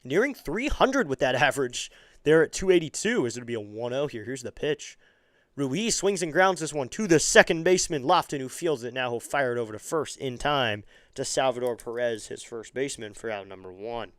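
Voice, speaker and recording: A man's voice: a little fast, no echo. A man calling baseball play-by-play as a fan streamer, his voice climbing sharply when a play develops and dropping into chatty asides to viewers. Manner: rises sharply in pitch and volume on exciting plays. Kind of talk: amateur play-by-play commentary.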